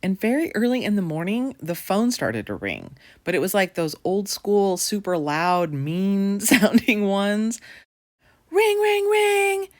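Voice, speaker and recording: A woman's voice: medium pitch, sing-song, a little slow, few pauses, no echo, studio quality. A woman in her forties telling a comic true story about her own youth as a voice-over. She talks candidly and wryly and swears casually. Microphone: voice-over recorded for an animated video.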